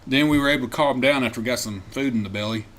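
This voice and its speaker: Podcast co-host, man, bright forceful voice, animated storyteller, faint ambient noise. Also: medium pitch, very fast. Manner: animated storyteller, acts out quotes loudly, laughs often. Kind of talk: casual storytelling chat.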